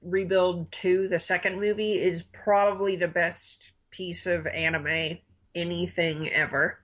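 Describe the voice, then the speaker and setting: A person in their twenties in casual chat, relaxed and enthusiastic with easy laughter. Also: mid-range voice, unhurried, poor audio. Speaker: conversation partner.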